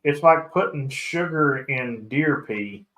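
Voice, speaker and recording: A man's voice: mid-range voice, expressive, takes it slowly, fairly bright tone, poor audio. A man hosting a casual radio-hobby chat show, talking in a rambling way with frequent restarts. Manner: rambling, self-interrupting. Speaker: podcast host.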